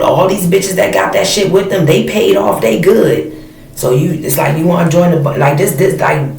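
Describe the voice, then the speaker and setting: A woman's voice: deep voice, a little mellow. A woman in her thirties telling a personal story as a blunt, profane, fired-up rant in casual talk to camera. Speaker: storyteller vlogger. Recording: echoey room, mic at a distance, faint noise.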